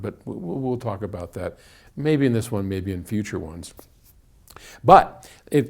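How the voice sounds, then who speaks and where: A man's voice: medium pitch, a little mellow. Man chatting casually in an indoor room. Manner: conversational, with frequent restarts and repeated words. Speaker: audio company head answering viewer questions. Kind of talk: casual explanatory talk. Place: indoor room, moving toward and away from a wall. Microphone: single microphone in the room.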